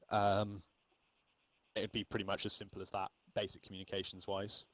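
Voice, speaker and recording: A man explaining radio procedure in a relaxed, rambling spoken lesson, with frequent ums. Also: fairly low pitch, normal speed, dry recording, poor audio. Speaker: milsim infantry instructor.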